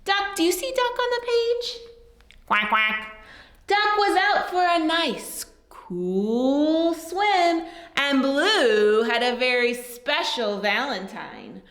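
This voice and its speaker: A woman reading a picture book aloud to young children, in a sing-song, animated way with soft whispered asides, pausing to teach simple signs. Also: high-pitched, roomy sound. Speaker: storyteller teaching baby signs.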